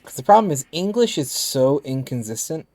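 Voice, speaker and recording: A man's voice: on the high side, sing-song, moderate pace, a little mellow. A man with a lisp, a game streamer from the United States, chatting casually with his viewers and thinking aloud with restarts as he plays. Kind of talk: casual chat with stream viewers while gaming.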